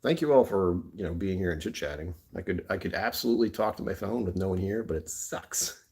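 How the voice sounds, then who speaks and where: Male streamer, very low voice, rambling and self-mocking, phone mic. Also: lively intonation, brisk, darkish tone. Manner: rambling, joking, laughs often. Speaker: livestream host. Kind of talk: casual livestream chat. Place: indoors on a rainy afternoon.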